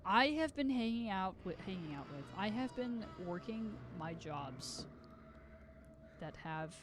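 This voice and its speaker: A woman's voice: mid-range voice, big pitch swings, slow pace, pauses often, slight background noise. A young woman streamer with a slight Southern US accent, chatting casually while she plays, rambling and joking and swearing freely. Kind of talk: casual gaming stream chat.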